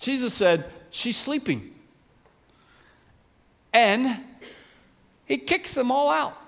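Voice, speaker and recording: High-voiced pastor preaching in a reverberant church. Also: male voice, expressive, takes it slowly, creaky, a bit bright. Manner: acts out Bible characters' voices, conversational preaching. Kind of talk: sermon. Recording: long hall reverb.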